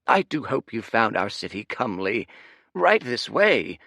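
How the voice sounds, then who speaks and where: A man's voice: on the low side, big pitch swings, unhurried, creaky, fairly bright tone, no room sound, studio quality, heavily acted. A man voicing a fawning, formal restaurant server who speaks in obsequious courtesies. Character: fawning male restaurant server, polite and greedy.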